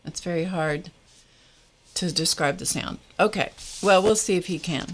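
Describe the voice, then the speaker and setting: Low-voiced chatty woman craft host. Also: normal speed. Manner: chatty, reads viewer comments aloud. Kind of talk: live-stream craft tutorial chat.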